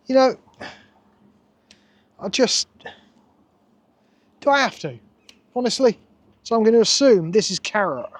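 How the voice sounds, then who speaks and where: A man's voice: high-pitched, no echo. A man reviewing takeaway food in a casual vlog, sarcastic and exasperated.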